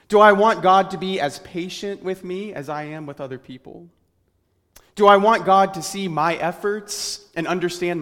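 A man's voice: on the high side, a bit bright. A man preaching a sermon earnestly, building his points through rhetorical questions. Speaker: pastor. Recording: long hall reverb.

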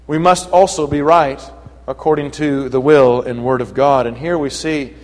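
A man preaching a sermon in an earnest manner that rises to forceful emphasis. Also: mid-range voice, fairly even intonation, normal speed, big-room sound, poor audio.

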